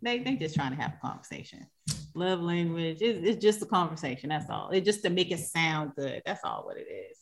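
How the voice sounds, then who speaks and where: Laid-back woman co-host, lively voice. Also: fairly low pitch, fairly quick. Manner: relaxed, agreeable, teasing. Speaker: podcast co-host. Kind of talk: casual chat.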